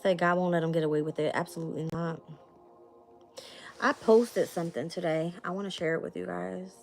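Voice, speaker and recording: Blunt, low-voiced woman tarot reader. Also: steady tone, brisk, creaky, darkish tone, soft background music. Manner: blunt, swears casually, laughs often. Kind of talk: live-stream tarot reading.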